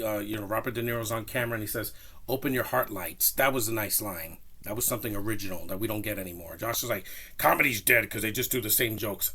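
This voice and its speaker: Opinionated man reviewing a movie. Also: fairly low pitch. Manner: opinionated, rambling, animated. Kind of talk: casual spoken film review.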